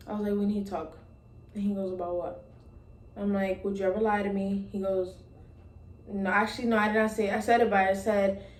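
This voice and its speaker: Young woman vlogger, casual storytime, rambling with fillers, roomy recording. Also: mid-range voice. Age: young adult. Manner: rambling, many ums and likes, retelling dialogue. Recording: roomy echo.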